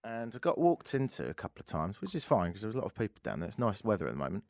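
A man's voice: lowish voice, very animated, racing, darkish tone, no room sound, clean studio sound. A man hosting a casual radio talk show, wry and sarcastic, rambling between topics. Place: radio studio. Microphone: studio microphone.

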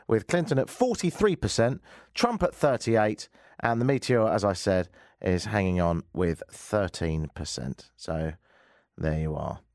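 A man's voice: medium pitch, dry recording, studio quality. A man hosting a radio talk show, talking casually with a wry, sarcastic edge. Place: radio studio. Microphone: studio microphone.

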